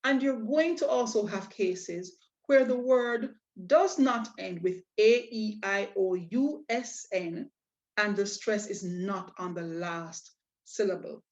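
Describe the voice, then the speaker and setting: A woman's voice: medium pitch, slow pace, darkish tone. A woman teaching a lesson, explaining patiently and spelling out letters one by one. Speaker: Spanish teacher. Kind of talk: online lesson.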